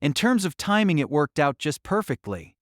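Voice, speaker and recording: A man narrating a light novel audiobook in an expressive storytelling manner. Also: on the high side, normal speed, no echo, clean studio sound.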